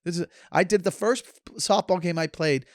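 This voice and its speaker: A man's voice: sits high, normal speed, no echo, clean studio sound. Rambling, sarcastic man podcasting. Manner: sarcastic, joking, talks in tangents. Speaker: podcast host. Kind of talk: casual rambling monologue.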